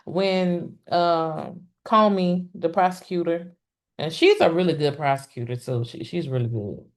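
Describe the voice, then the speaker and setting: On a casual live stream covering a court case, a woman with a voice on the low side talks right to her viewers. Her delivery is chatty and full of exclamations, with frequent "um" pauses and restarts.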